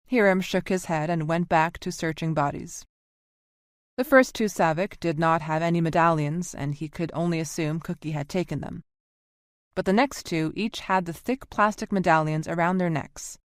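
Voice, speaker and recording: A woman narrating a science fiction audiobook in a steady, even reading. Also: lowish voice, no echo, clean studio sound. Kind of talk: scripted narration.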